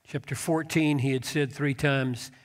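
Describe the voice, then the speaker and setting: Male preacher, sermon, emphatic scripture quoting, unhurried, long reverb. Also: medium pitch, steady tone.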